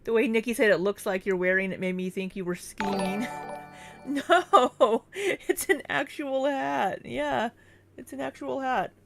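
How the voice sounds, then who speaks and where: A woman's voice: medium pitch, measured pace, faint music behind. A young woman hosting a casual livestream, reading out viewer names, thanking them and laughing often between replies. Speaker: livestream host.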